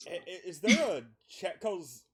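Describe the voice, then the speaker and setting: A man hosting a casual interview over a video call, excitable and stammering often. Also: sits high, a little slow, husky. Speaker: podcast host.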